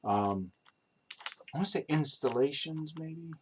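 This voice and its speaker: A man's voice: fairly high pitch, expressive, measured pace, fairly bright tone, slight background noise. A young man telling a rambling personal story, with many fillers, restarts and swearing. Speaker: improv storyteller. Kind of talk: casual rambling anecdote.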